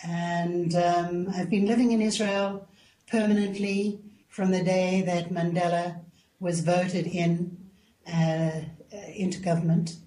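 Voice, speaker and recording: An older South African woman in her seventies, speaking as an interview guest in a mellow, darker tone. She tells her stories calmly and gently. The room around her sounds echoey. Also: fairly low pitch, takes it slowly. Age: 70s. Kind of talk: casual interview chat.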